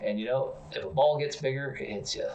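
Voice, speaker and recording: A man co-hosting a comedy podcast, telling absurd stories in a rambling, deadpan way. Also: medium pitch, a little fast, distant mic, slight background noise, low-quality recording. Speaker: podcast co-host.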